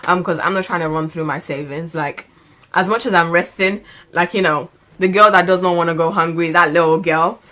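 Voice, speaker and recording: A woman's voice: on the low side, fairly bright tone. A woman in her late twenties, a lifestyle vlogger chatting to camera, who laughs often, stretches words for emphasis and drifts into preaching. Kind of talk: casual chat to camera.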